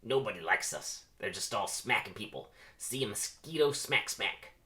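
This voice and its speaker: A brash loner mosquito swaggers and talks loud, as a man puts him on while reading a cartoon script. The voice is low for a man but bright and lively, with big swings in pitch. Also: normal speed. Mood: swaggering.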